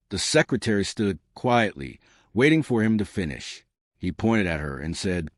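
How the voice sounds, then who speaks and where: A man narrating scripted jokes in a lively storytelling manner. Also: deep voice, normal speed, dry recording, studio quality. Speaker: joke narrator.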